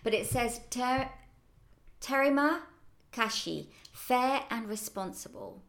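A woman's voice: a little high, expressive, slow pace, fairly bright tone. A woman co-hosting a local podcast in casual, upbeat chat that wanders with fillers. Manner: chatty, upbeat, rambling with fillers. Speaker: podcast co-host. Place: office or shared workspace. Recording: roomy echoey room.

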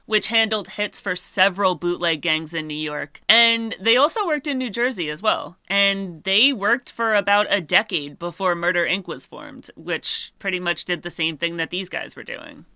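A woman's voice: medium pitch, sharp tone, smooth, no echo, studio quality. A woman hosting a true crime video, telling the story in a casual, chatty way with conversational asides.

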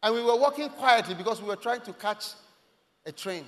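A man preaching a sermon to a congregation, dropping to hushed asides and rising to loud shouts. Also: extremely high pitch, animated, brisk. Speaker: pastor. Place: large church hall. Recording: long hall reverb.

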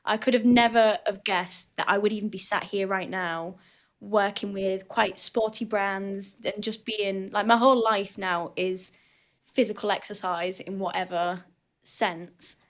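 A woman's voice: medium pitch, unhurried. A woman in her twenties from Hull with a thick Northern English accent, telling stories as a guest in a casual chat, with lots of fillers. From Hull, England, raised in southern Spain. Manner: chatty, animated storyteller with frequent fillers. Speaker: guest athlete.

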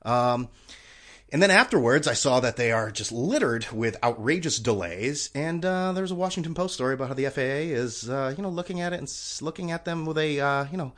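A man's voice: medium pitch, lively intonation, a little fast, fairly bright tone. A man hosting a solo podcast, ranting in a rambling, sarcastic way with frequent swearing. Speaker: podcast host. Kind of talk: casual solo podcast rant.

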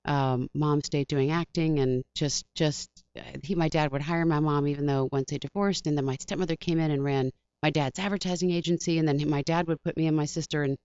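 Chatty actress guest, low smooth voice, close dry muffled studio sound. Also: female voice, fairly even intonation, a little fast, hardly any pauses, a little mellow, dry recording. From Washington, D.C. area. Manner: chatty, rambling, acts out quotes in voices. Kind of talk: casual interview chat.

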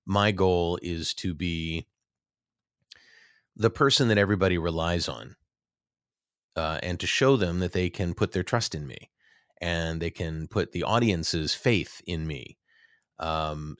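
A man's voice: low voice, no echo, studio quality. A middle-aged man, an actor, telling rambling, self-deprecating stories in a casual interview, with many restarts.

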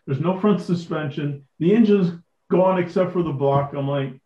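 A middle-aged man, a podcast guest, telling casual stories with lively acted-out dialogue and frequent laughs. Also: on the high side, normal speed. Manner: animated, acts out quoted dialogue, laughs often. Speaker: guest, vintage tractor collector. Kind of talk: casual anecdotal storytelling. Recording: echoey, dull lo-fi audio.

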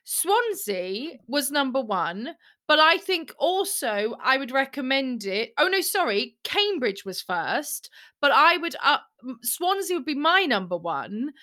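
A young woman with a high, bright voice, talking freely in a casual podcast chat. She is candid and sweary, and she laughs easily as she rattles off her opinions. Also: sing-song, measured pace.

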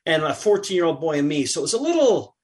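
A middle-aged man, a podcast guest, chatting casually and telling an animated anecdote while acting out what others said. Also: a little high, fast. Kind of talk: casual chat, storytelling.

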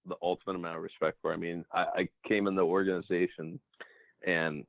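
Male ballplayer, deep voice, animated anecdotes, interview over a thin phone-quality line. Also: fairly quick, creaky, no echo. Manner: animated anecdotes, acts out dialogue. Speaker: professional baseball player. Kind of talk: casual storytelling interview.

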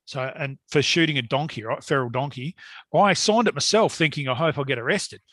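A man's voice: fairly high pitch, brisk, a bit bright, dry recording, studio quality. A middle-aged Australian man telling a long story in casual conversation, rambling and laughing often. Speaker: guest hunter.

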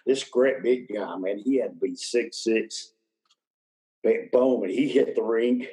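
A man's voice: medium pitch, measured pace, mellow, rough recording. An older man, a retired wrestler, telling rambling road stories in a casual interview and chuckling as he goes. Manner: rambling anecdotes, chuckles mid-sentence.

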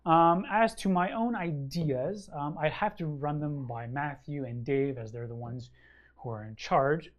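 A man's voice: a little high, unhurried, highs cut off. Rambling, enthusiastic man on a wargaming chat show. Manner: rambling and enthusiastic, full of ums and uhs. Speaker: regular co-host of a wargaming show. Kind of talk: casual chat answering a listener question.

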